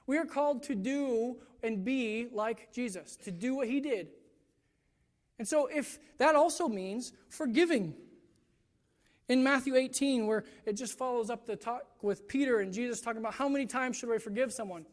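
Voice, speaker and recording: A man's voice: very high voice, in a large hall. A man preaching a chapel sermon, telling a story earnestly and often restarting his sentences. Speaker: student chapel speaker.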